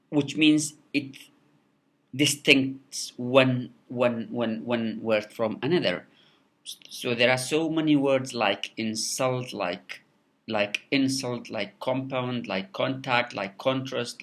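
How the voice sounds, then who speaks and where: Slow guy teaching english, keeps repeating words, mid pitch. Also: fairly bright tone. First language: Kurdish. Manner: halting, many repeated words and fillers. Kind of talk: recorded lecture.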